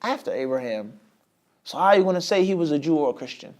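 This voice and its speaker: A man teaching an Islamic lesson, often asking a rhetorical question and answering it himself, with sudden swings between loud and quiet. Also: a little high, rapid-fire. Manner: lively, with many sudden rises and drops in loudness. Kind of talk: lecture class.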